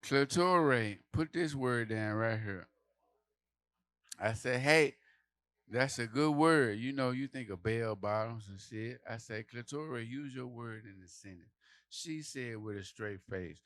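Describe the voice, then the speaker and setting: A man performing a stand-up comedy set for a live audience, telling stories loudly and playing out the quotes. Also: medium pitch, slow pace. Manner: loud, animated storytelling with acted quotes.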